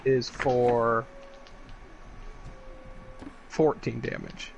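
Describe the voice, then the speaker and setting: A man's voice: mid-range voice, fairly even intonation, drawn-out words, creaky, muffled recording, slight background noise. A man playing in a tabletop game, joking crudely and arguing over rules. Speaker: player. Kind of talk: casual tabletop game chat.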